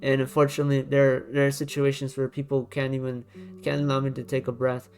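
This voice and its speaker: Soft music plays under this YouTuber's mid-range, slightly mellow voice, which is totally flat and a little fast. Ranking designs in a relaxed screen recording, he drags items around while thinking out loud, bluntly repeating himself and speaking quietly to avoid overloading his desk microphone.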